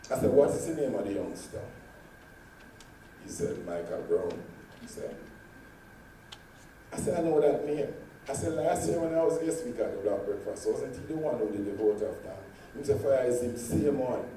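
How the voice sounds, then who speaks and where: A man telling stories in a convention speech, swinging dramatically between loud and hushed. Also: mid-range voice, expressive, normal speed, pauses often. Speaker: convention speaker. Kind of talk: storytelling speech. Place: large convention hall. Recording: echoey hall from far off, faint noise.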